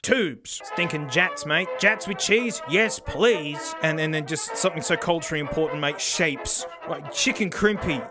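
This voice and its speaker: A man with a South Australian accent hosting a casual comedic vlog, energetic and slangy, saying "mate" constantly. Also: on the high side, normal speed, hardly any pauses, music in the background. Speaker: video host.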